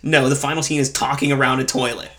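A man's voice: mid-range voice, level tone, quick pace, fairly bright tone. A man co-hosting a casual movie review chat, blunt and sarcastic, swearing freely. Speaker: podcast co-host reviewing a film.

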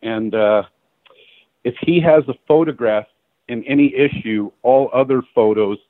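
A middle-aged male photographer tells stories from his career in a loose, animated way, full of "uh" and "you know." He voices the people in his stories. His voice is mid-pitched and comes over a dry, narrow, phone-like line. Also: unhurried, dry recording. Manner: animated storyteller acting out quoted dialogue, laughing. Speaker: guest photographer. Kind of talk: casual storytelling interview.

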